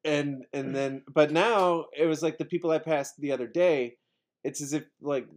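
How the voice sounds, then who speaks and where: Male podcaster, rambling anecdotal delivery, quick to laugh. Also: on the high side. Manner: rambling storyteller, laughs often. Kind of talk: casual comedy podcast chat.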